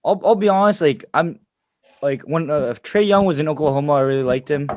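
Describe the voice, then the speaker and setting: A man's voice: on the high side, lively intonation, brisk, a little hiss or hum. A young man co-hosting a sports podcast, hesitant and stammering, defending his team. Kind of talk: casual sports chat.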